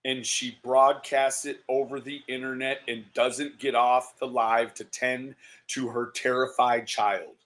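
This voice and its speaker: An exasperated man doing live-stream commentary. He swears often and drags out his disbelieving exclamations. His pitch sits in the middle range for a man. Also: little pitch movement, a little slow, fairly bright tone, a little hiss or hum.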